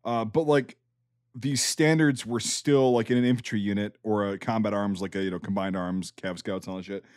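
A man's voice: on the low side, fairly even intonation, a little fast, a little mellow, no room sound, clean studio sound. A podcast host talking about his army service and a film in a blunt, profane, sarcastic way. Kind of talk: casual podcast chat.

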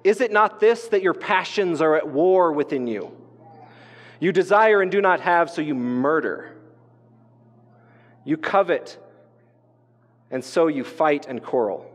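Man, pastor, conversational sermon, slightly high voice, long church reverb. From northern Colorado. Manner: conversational preaching with asides and restarts. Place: church sanctuary.

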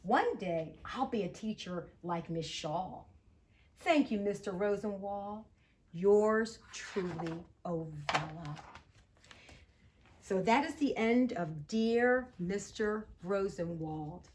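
A woman reading a children's picture book aloud at a storytime, slow and expressive. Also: medium pitch. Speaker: storytime reader.

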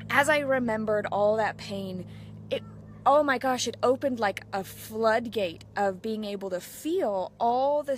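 A woman's voice: on the high side, background noise. A woman in her thirties, a mothers' mentor, telling personal stories in a casual live chat, earnest and open. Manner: earnest, open, tells personal stories with quoted inner voices.

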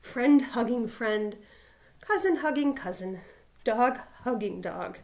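Teacher lady reading a kids book, slow and super animated, high voice. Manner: expressive, playful emphasis. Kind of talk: children's picture book read-aloud.

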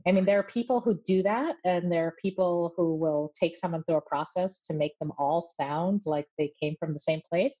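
A woman who runs a voice studio, speaking as a guest in a measured, articulate and friendly way. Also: fairly low pitch, dark tone, lo-fi sound. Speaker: voice coach. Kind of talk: interview guest.

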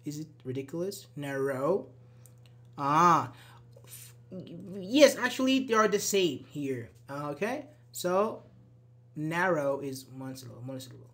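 A man's voice: on the high side, lively intonation, moderate pace, fairly bright tone. A man teaching a live online English grammar class. He is patient and encouraging, praises answers and often checks with "okay?".

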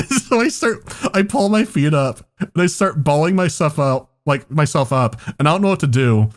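A man's voice: on the high side, animated, normal speed. A man hosting a podcast, telling a story in casual chat, laughing often and swearing freely. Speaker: podcast host.

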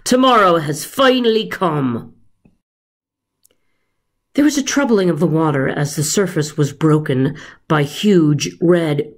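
A teacher reading a children's story aloud in an expressive, unhurried way. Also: female voice, on the low side.

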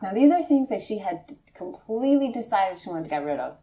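A woman meditation teacher giving a conversational dharma talk to a live group, laughing often and checking in with her listeners. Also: fairly quick. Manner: conversational, laughing often, frequent "right?" to the audience; animated storytelling, voicing friends in a high excited tone.

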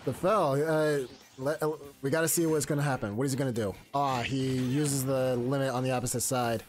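A man giving casual, excitable play-by-play commentary on a game tournament from his home stream. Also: medium pitch, brisk, soft background music. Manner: excitable, casual gamer slang. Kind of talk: live esports play-by-play commentary.

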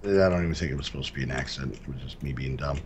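A man co-hosting a casual Minecraft let's-play, relaxed and narrating each step as he builds. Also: rumbling low, very fast, a crowd in the background. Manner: relaxed, narrates his own building steps. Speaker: gaming channel co-host.

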